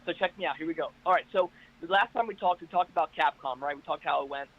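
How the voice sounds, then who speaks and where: A man calling in to a casual chat show, telling stories in an energetic, hyped-up way. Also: on the high side, fast talker, dull audio, a little hiss or hum. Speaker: caller guest. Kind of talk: casual chat on a video call. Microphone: internet call.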